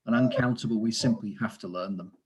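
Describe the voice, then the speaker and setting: A man's voice: fairly low pitch, quick pace, darkish tone, husky. A man, a teacher trainer, explaining grammar in an online lesson over a video call, with frequent fillers and asides about the chat.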